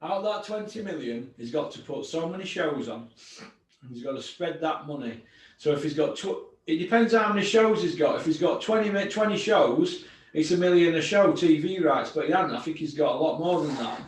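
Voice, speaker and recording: A man's voice: fairly high pitch, fairly bright tone. A man hosting a boxing podcast, blunt and sweary, ranting about fights. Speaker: host. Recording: very echoey room, distant mic.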